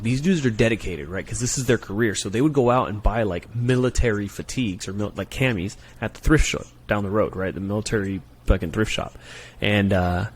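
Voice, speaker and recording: Profane, animated man telling stories. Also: lowish voice, slight background noise. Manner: profane, animated storyteller, peppers talk with "right?". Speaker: guest, Marine gunnery sergeant and former recruiter. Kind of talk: casual podcast storytelling.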